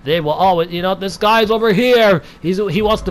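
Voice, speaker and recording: A young man giving playful gameplay commentary, taunting enemies and breaking into drawn-out mock-dramatic shouts. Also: sits high, slight background noise.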